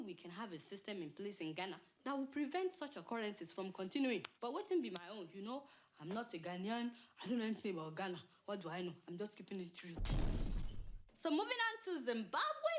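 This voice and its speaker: A woman's voice: on the high side, very animated, fairly quick, fairly bright tone, slight background noise. A woman hosting a satirical news show, chatty and sarcastic, bantering with her crew. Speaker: show host.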